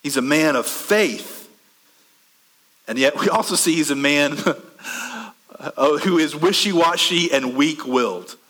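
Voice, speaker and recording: A man preaching a sermon conversationally, asking the room questions and swinging between quick bursts and slow, soft stretches. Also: on the high side, animated, in a large hall. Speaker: pastor.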